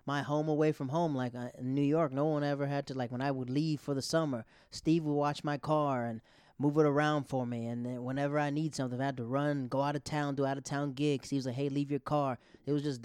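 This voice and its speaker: Man, thirties, casual grieving storytelling, halting with restarts, mid-pitched, dry close sound. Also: darkish tone, clean tone, no echo. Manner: rambling, halting, with many restarts.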